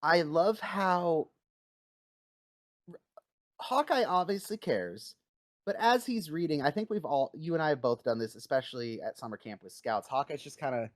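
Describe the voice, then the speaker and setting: Brief: male podcast co-host, lively chatty recap voice, close dry sound. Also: a little high, normal speed, no echo. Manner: animated retelling, frequent "like". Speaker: scout leader. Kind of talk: casual chat.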